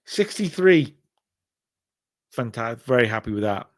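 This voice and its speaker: A man's voice: mid-range voice, big pitch swings, a little slow. A man casually narrating and recapping matches in a wrestling simulation game. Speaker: game commentator. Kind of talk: let's play narration of a wrestling sim.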